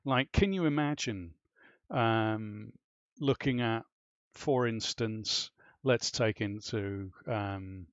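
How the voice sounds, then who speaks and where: A man's voice: on the low side, slow, no echo. A man hosting a casual podcast panel chat, rambling and jokey with laughing asides, on a dry, dull, lo-fi recording. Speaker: podcast host.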